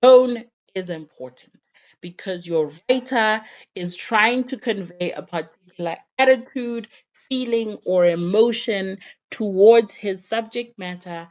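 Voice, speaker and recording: A young woman teacher explaining literary techniques in a patient, careful lesson. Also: mid-range voice. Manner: patient, explanatory, slow-paced. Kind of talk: lesson narration. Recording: dull lo-fi recording.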